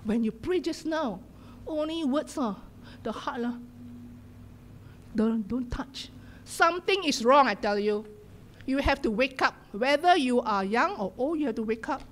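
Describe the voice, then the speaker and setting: Woman pastor with a Singaporean lilt, fairly high voice, fervent preaching into a church mic over faint room ambience. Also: animated, unhurried, a little hiss or hum. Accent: Singaporean English. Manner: impassioned, shifts between loud exhortation and hushed whispers. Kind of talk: sermon. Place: church sanctuary.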